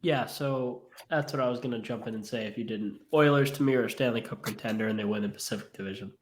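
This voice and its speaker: A man co-hosting a podcast, animated and emphatic, quick to jump into the hockey talk. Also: mid-range voice, slight background noise. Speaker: podcast co-host. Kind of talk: casual hockey chat.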